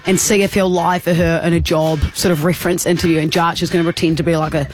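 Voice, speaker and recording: A woman's voice: fairly low pitch, steady tone, fast talker, soft background music. A woman co-hosting a radio show, chirpy and encouraging. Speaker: radio co-host. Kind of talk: casual radio banter. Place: radio studio.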